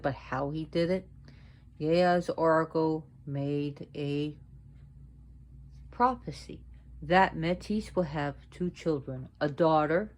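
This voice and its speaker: A woman presenting a casual educational video at home, talking slowly and deliberately and repeating words for emphasis. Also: deep voice. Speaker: video presenter on mythology and witchcraft. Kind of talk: casual educational talk to viewers.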